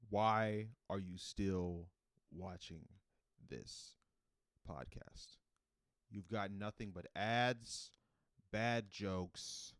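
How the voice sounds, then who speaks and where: A man hosting a solo comedy podcast, rambling in a deadpan, self-mocking way. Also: lowish voice, clear, resonant tone, dry recording.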